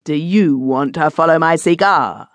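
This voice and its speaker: A man reading an audiobook voices a stern, blunt wealthy gentleman. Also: fairly high pitch, unhurried, no echo, pitched above the performer's own voice. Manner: blunt, fierce.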